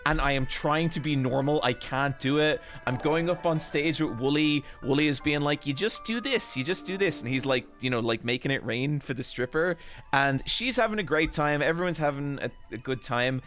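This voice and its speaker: A man with an Irish accent hosting a podcast, telling an embarrassing story in a casual, animated, self-deprecating way and swearing freely. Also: on the high side, normal speed, soft background music. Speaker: podcast host.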